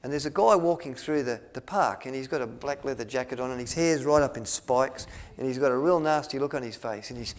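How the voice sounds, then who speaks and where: A man tells a story to an audience. He rambles, restarts his sentences often and fills pauses with ums. He acts out the lines he quotes. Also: medium pitch. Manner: rambling, with many restarts and fillers, acting out quotes. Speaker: speaker at a health retreat.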